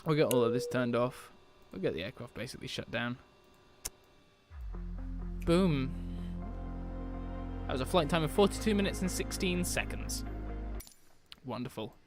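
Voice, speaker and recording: A man's voice: medium pitch, lively intonation, moderate pace, pauses often, over music. A man from Britain chatting on a live stream as he shuts down a sim aircraft, laughing often and answering his chat.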